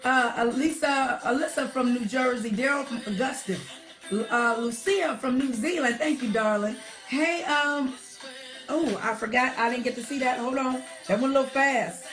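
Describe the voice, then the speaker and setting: Woman w a high voice doing a live show, super chatty and sweet w viewers, lotta y'all and darling, soft r&b music in the back. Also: normal speed. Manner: chatty and affectionate, calling viewers darling, girl and honey, heavy use of y'all. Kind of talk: casual livestream chat reading viewer shout-outs. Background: R&B song playing softly.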